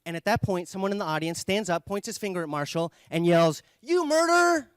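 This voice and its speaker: A man giving an earnest conference talk, explaining ideas and telling a story with pauses and fillers. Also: on the high side, fairly even intonation, clear, resonant tone, dry recording. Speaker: conference speaker.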